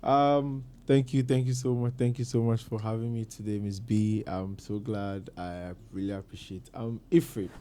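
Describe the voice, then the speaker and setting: A man's voice: fairly low pitch, steady tone, moderate pace, few pauses, dark tone, slight background noise. A young man from Ghana, a guest on a podcast, chatting in a laid-back, slangy way. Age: young adult. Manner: laid-back, slangy, says "you know what I'm saying" often. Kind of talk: casual podcast chat.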